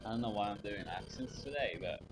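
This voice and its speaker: A man's voice: fairly low pitch, lively intonation, quick pace, noisy background. A man streaming a video game, chatting casually and jokingly with viewers. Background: game music.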